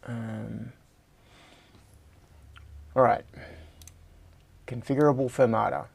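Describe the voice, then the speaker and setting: A middle-aged Australian man with a slight American tinge hosts a casual livestream, thinking aloud while working in his home workshop. His medium-pitched voice is a little mellow, and he rambles, mocks himself and talks to himself as he tinkers.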